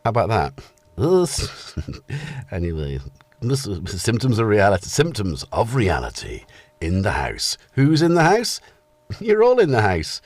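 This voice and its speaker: Middle-aged male stream host, casual and chatty, animated voice, dry close sound. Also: fairly low pitch, a little slow, no echo. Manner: chatty, greets viewers in chat one by one. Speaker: livestream host. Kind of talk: casual live-stream chat.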